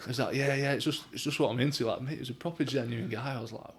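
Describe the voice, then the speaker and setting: A man's voice: mid-range voice, steady tone, rapid-fire, hardly any pauses, slight background noise. Mancunian man telling stories, chatty. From England. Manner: chatty storytelling, swears, many "like" fillers. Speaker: professional boxer guest. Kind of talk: casual chat.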